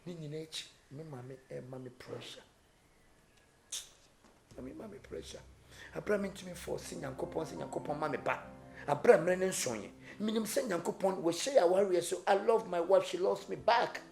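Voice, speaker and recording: A worried Ghanaian husband. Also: male voice, high voice, normal speed, creaky, darkish tone. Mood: troubled. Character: worried married man, pressured by mother. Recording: music bed under dialogue. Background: music.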